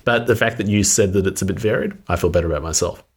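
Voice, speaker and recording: Low-voiced man, thoughtful. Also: fast talker, husky. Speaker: podcast co-host. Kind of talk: casual chat.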